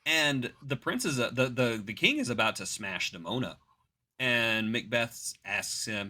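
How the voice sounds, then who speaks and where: A man hosting a podcast, chatting casually and jokily as he recaps a cartoon, dropping into quick voices for the characters. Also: mid-range voice. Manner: animated, jokey, puts on quick voices for characters. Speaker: podcast host.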